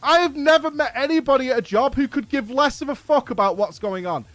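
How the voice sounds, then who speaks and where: A man streaming games, telling an exasperated anecdote in an animated, profane way. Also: very high voice, brisk, no echo, faint music behind. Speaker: gaming streamer. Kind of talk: casual anecdote on a live stream.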